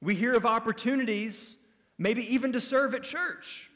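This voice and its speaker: A male pastor with a notably high voice teaches through a sermon, earnest and emphatic, pressing his points with rhetorical questions. His words ring out with the long reverb of a church hall. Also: moderate pace, bright, forceful tone. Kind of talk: expository sermon.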